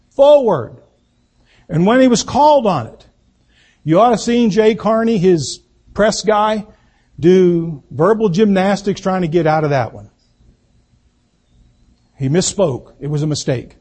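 Slow, husky-voiced man making a political speech. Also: high-pitched, a little mellow. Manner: slow, emphatic, repeats key words for effect. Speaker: political speaker.

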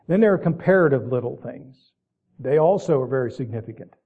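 A man's voice: medium pitch, animated. Man preaching folksy sermon, tinny sound. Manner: folksy, slow and deliberate with emphatic repetition. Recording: tinny, phone-like lo-fi recording.

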